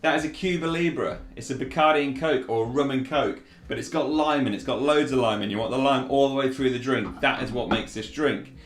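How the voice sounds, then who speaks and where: A man hosting a relaxed cocktail demonstration, chatting casually as he makes a drink. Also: mid-range voice, brisk, hardly any pauses, reverberant. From Yorkshire, England. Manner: chatty and relaxed, with fillers and restarts. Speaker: bartender host.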